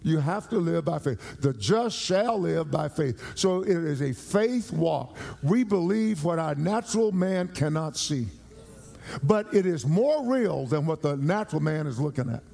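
A male pastor preaching a sermon, emphatic and repetitive, rising in pitch as he grows fervent. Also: expressive, a little slow, vocal fry, mellow. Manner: emphatic, repeats phrases, rises in pitch when fervent. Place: church.

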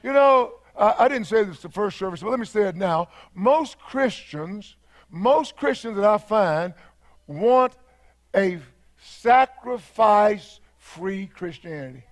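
High-pitched texan preacher guy, fervent, repeats himself, builds up to shouting. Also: animated, takes it slowly. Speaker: pastor. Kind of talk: sermon.

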